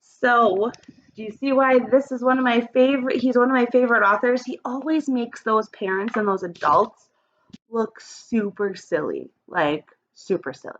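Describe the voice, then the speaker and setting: A woman kindergarten teacher reading a picture book aloud and giving an online lesson, animated and encouraging, from home on a webcam. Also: a little high, normal speed, muffled recording, slight background noise. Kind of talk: read-aloud and virtual lesson.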